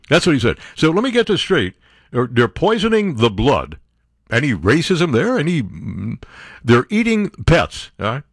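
A man's voice: mid-range voice, a bit bright, breathy edge, no echo, clean studio sound. A man hosting a political talk radio show, reading out court opinions and answering them with sarcastic, incredulous commentary.

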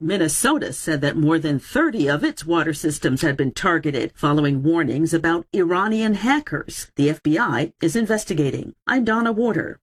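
A woman delivering a scripted radio news report in a steady manner. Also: lowish voice, breathy edge.

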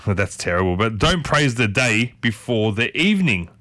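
A man hosts a morning radio show in a loose, chatty way, circling back and restarting his thoughts. His voice sits at an ordinary middle pitch for a man. The studio sound is close and dry, with no room around it. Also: sing-song, normal speed, pushed and bright, dry recording. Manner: chatty, rambling with restarts, playful asides. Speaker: radio host. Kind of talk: casual morning radio chat. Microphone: studio microphone.

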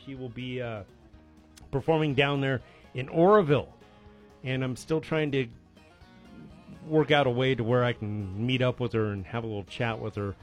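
A man's voice: mid-range voice, moderate pace, pauses often. Man, radio swap show host, casual joking chat, faint music underneath. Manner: joking, chuckling, rambling.

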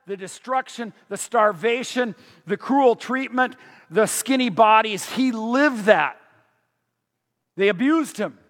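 A middle-aged man preaching to a congregation in a high, light voice. He keeps it conversational and often throws questions out to the listeners, and a long hall reverb trails every word. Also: a bit bright. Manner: conversational, asks the audience questions. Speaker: pastor. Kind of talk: sermon.

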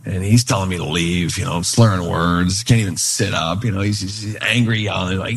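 A man preaching a sermon in a relaxed, conversational way, telling a story and voicing the people in it. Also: low voice, normal speed, few pauses, husky. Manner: conversational, animated retelling with quoted voices. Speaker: pastor.

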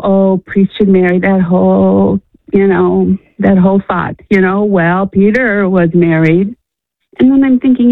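A woman from Illinois calling into a radio show, halting and repeating herself with many "you know"s. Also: medium pitch, no room sound. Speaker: caller. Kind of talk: radio call-in conversation. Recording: phone line.

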